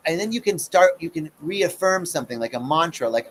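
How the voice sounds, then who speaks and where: Fairly quick and lively in intonation, this middle-aged man's voice is fairly high and fairly bright, with slight background noise. He's a spiritual practitioner speaking casually on a personal-growth livestream, in the style of a conversational teacher. He brings his stories to life by performing the characters' voices.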